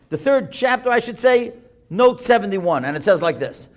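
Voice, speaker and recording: A man rabbi giving a storytelling sermon at a synagogue, animated as he reads and translates Hebrew texts. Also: sits high, normal speed. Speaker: rabbi giving a guest lecture. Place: synagogue lecture.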